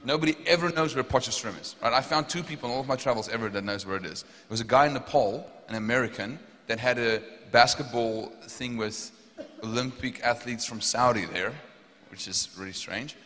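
A man's voice: mid-range voice, fairly quick, sharp tone. A young man with a South African accent preaching a sermon, telling a story and rising to fervent emphasis. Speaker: pastor. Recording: long hall reverb.

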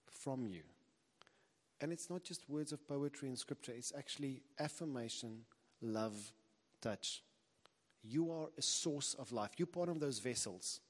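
Man preaching in an echoey hall. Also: medium pitch. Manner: earnest, conversational preaching with restarts. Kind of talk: sermon.

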